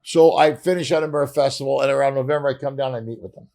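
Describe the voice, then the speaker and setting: A middle-aged man from Canada, a comedian guest telling animated stories and acting out dialogue with swearing. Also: mid-range voice, rapid-fire. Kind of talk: casual storytelling interview.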